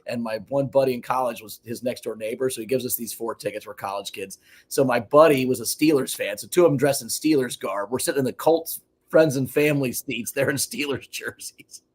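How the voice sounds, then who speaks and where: A man co-hosting a casual sports podcast, an animated storyteller who swears freely. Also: mid-range voice, fairly quick, husky. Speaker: podcast co-host.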